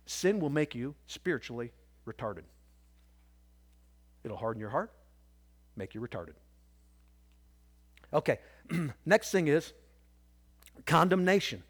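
Lively high-voiced preacher man. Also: slow pace, pauses often, husky. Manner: preacher's swings from quiet to loud, squawking parrot imitations. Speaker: pastor. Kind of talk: sermon.

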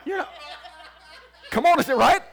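A male preacher delivering a sermon from the pulpit. His voice sits high and moves all over the place, dropping to near murmurs before leaping into loud, squawking bursts. The delivery is loose and conversational, full of restarts and calls to the congregation. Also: expressive, moderate pace, vocal fry, some chatter behind. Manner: preacher's swings from quiet to loud, squawking parrot imitations. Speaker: pastor.

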